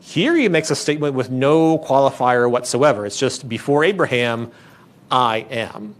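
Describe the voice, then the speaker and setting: A man preaching a sermon with an earnest, emphatic delivery, pressing his points hard and often circling back to restart a phrase. His voice sits at an ordinary middle pitch, and he speaks as a pastor addressing his congregation in a church. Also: animated, moderate pace.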